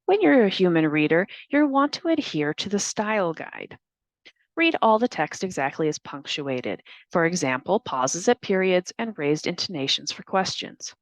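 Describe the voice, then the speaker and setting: A woman explains testing rules to school staff in a clear, deliberate, instructional way. Her voice sits a little low. The recording is dry and close, with no room sound. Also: animated, dry recording. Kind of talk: scripted training narration.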